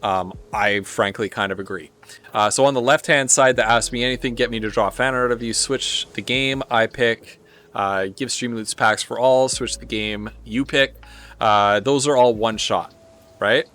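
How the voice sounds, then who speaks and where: A man with a Canadian accent giving casual, rambling live commentary as he plays a strategy game, often pausing on filler words. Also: mid-range voice, a bit bright. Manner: rambling, thinking aloud with frequent filler pauses. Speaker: streamer.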